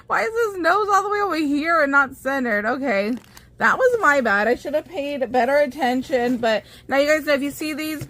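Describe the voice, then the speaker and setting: A woman's voice: high-pitched, sharp tone, a little hiss or hum. A young American woman chatting casually to her viewers as a craft vlogger, gushing and bubbly. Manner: bubbly, gushing, talks to viewers as you guys. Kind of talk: casual haul chat.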